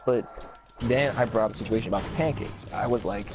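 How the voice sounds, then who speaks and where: Speaking fairly quickly in a somewhat low voice, a man spins a rambling, profane story in relaxed, casual conversation. He shifts back and forth between narrating and quoting the people involved, while a faint hiss sits in the background.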